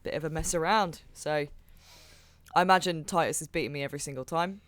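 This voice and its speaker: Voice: mid-range voice, brisk, a bit bright, no room sound. A tabletop game player, chatty and jokey. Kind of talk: casual tabletop play.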